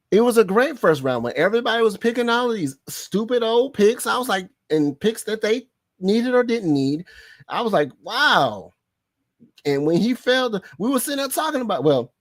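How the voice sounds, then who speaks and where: A man's voice: high voice, no room sound, studio quality. A man hosting a live sports podcast, casual and slangy, laughing often and repeating himself for emphasis.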